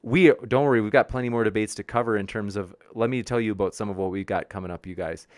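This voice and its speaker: A man's voice: fairly low pitch, fast talker, no room sound, studio quality. A man hosting a debate livestream, reading and answering viewer chat in a friendly, upbeat way and stumbling over viewer names. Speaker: debate show host reading live chat.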